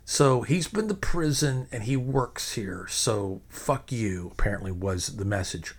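A man's voice: mid-range voice, sing-song, moderate pace, breathy edge. A man hosting a podcast, telling a long story in a rambling way, full of fillers and restarts. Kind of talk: casual storytelling.

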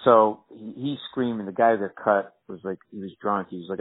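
A man with a fairly low voice tells stories in a podcast interview. He is animated and jumps into higher voices to act out the people he quotes. The sound is thin and tinny, like a phone line. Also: brisk, vocal fry, hardly any pauses, breathy edge. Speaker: comedian guest.

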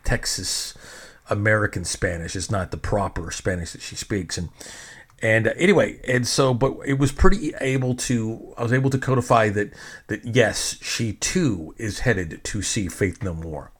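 A middle-aged man with a fairly low voice tells a personal story in a loose, casual way. He rambles and restarts, mocks himself, and swears freely. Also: moderate pace, slightly rough. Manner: rambling, profane, self-mocking.

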